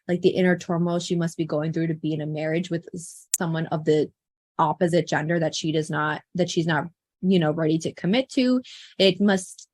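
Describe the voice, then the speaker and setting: A woman's voice: on the low side, no echo. A woman co-hosting a casual film review chat, speaking earnestly and searching for words with many fillers.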